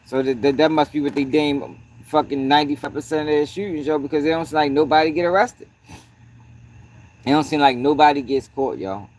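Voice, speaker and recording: A livestream host speaks fairly quickly in a slightly high, somewhat mellow voice. He's casual and profane, leans on "yo" constantly, and interrupts himself to greet viewers in the chat.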